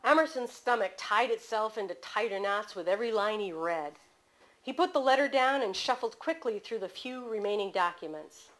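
A woman author reading aloud from her novel in a bookstore, measured and expressive. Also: medium pitch.

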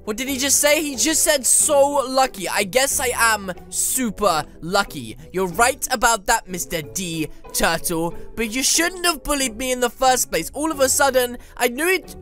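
A woman giving excitable, playful gameplay commentary, melodramatic and mock-indignant. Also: on the high side, normal speed, few pauses, faint music behind. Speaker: gaming YouTuber.

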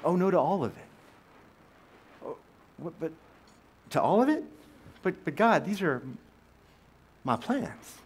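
A pastor acting out an eager man pleading with God to admire his life plans, pushy and excitable. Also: on the high side, very fast, hardly any pauses, pitched above the performer's own voice, lightly acted. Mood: dismayed.

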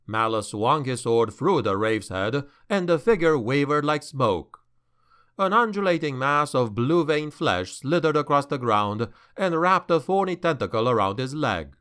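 A male audiobook narrator reads dark fantasy with slow, dramatic pacing. His voice is bright and crisp, and his pitch rises and falls freely. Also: big pitch swings.

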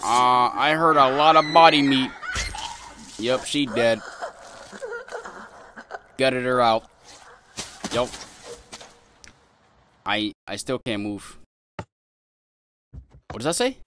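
Taking it slowly and pausing often, a young gaming channel host reasons aloud and talks to viewers during a horror game, yelping at jump scares. His mid-range voice has a sharp tone, and there's a little hiss or hum alongside the game music.

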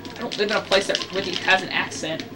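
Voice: mid-range voice, steady tone, quick pace, far from the mic, over music. A host giving casual gameplay commentary, rambling, joking and correcting himself mid-sentence. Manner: rambling, self-correcting, jokey. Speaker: let's play host.

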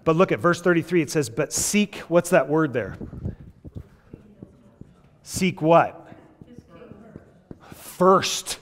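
A man teaching a Bible class in a lively, conversational way, asking his listeners questions as he goes. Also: fairly high pitch, slow pace, long pauses, long reverb tail. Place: large classroom or hall.

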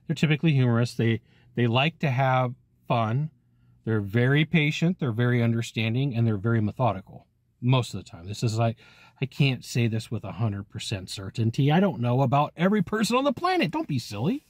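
A man hosting his own channel, giving an energetic sales-training talk straight to the viewer, punctuated by frequent "okay?" checks. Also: medium pitch, normal speed, dry recording, studio quality. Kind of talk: animated solo teaching talk to camera.

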